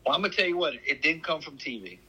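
A middle-aged Louisiana man with a bright, sharp edge to his voice and a husky rasp underneath. He tells stories in a folksy, animated way, leaning hard on his words. He sounds like a casual podcast chat. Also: on the high side, highs cut off. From Louisiana, USA. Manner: animated, folksy storyteller with drawn-out emphasis. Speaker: podcast co-host.

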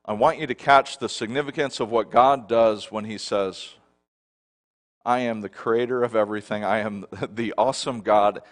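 A middle-aged man preaching a sermon as a pastor. He moves between soft, low passages and loud, emphatic declarations, and puts repeated questions to the congregation. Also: fairly even intonation, moderate pace.

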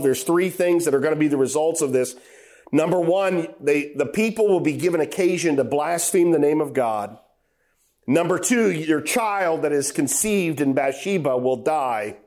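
Middle-aged male preacher, storytelling sermon, acts out the quotes, builds to emphatic peaks. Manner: storytelling with acted quotes, rising to loud emphatic high passages.

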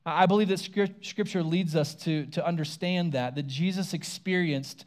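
Conversational preacher with a slightly high voice. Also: male voice, moderate pace. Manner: casual conversational preaching, acts out quoted lines. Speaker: pastor. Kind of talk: sermon.

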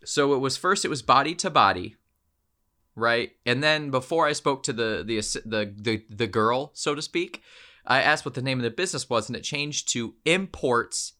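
Animated male storyteller, bright voice. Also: medium pitch, moderate pace. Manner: animated, acts out every voice in the story. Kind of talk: comic storytelling.

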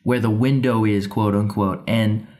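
A man's voice: fairly low pitch, steady tone, unhurried, darkish tone. A young man chatting casually on a podcast, telling stories animatedly and acting out quoted voices. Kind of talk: casual chat.

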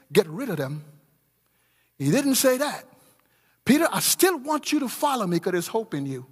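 A middle-aged man preaching a sermon as pastor, swinging from low murmurs to shouted emphasis. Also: slightly rough. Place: church. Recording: long reverb of a large church hall.

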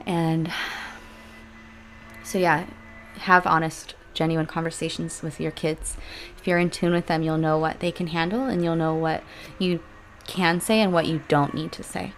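A woman in her thirties hosting a personal podcast, talking candidly and emotionally with sighs and soft laughs. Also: low-pitched, steady tone, unhurried, pauses often, slight background noise. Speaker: podcast host. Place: home room with leaf blower outside.

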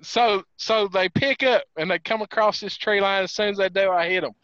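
Guy telling a duck hunt story from his truck, high bright voice, dull dry call audio. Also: brisk, no echo. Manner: animated, drawling hunting storyteller. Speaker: duck hunting guide, podcast guest. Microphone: phone or laptop call over weak internet.

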